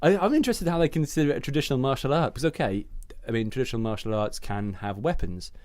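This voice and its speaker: A man's voice: mid-range voice, animated, fast, a little mellow, dry recording. A man reading out and joking about comic blurbs in a casual chat, rambling and often laughing. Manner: giggly, rambling, slips into silly accents. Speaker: podcast co-host.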